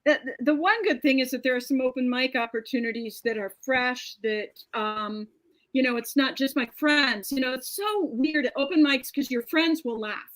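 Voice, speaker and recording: Woman comic, guest on a chat show, high voice, chatty storyteller. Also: moderate pace, fairly bright tone, poor audio. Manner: chatty, storytelling with frequent restarts. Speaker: comedian guest. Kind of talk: casual joke workshop chat.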